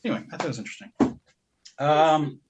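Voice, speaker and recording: Rambling, laughing man, slightly high voice. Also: fast, very noisy. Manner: rambling, self-interrupting, laughs often. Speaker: podcast co-host. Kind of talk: casual chat about laserdisc purchases.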